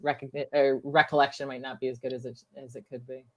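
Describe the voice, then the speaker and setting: A man's voice: mid-range voice, level tone, quick pace. A man co-hosting a casual chat and talking at length, with frequent restarts. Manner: talkative, restarts often. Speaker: podcast co-host.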